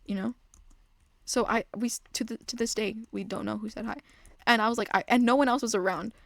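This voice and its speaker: A woman's voice: a little high, fairly even intonation, brisk, gravelly, a bit bright, no room sound. A young woman telling rambling stories while playing a game, often interrupting herself and trailing off into muttered asides. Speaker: gaming vlogger.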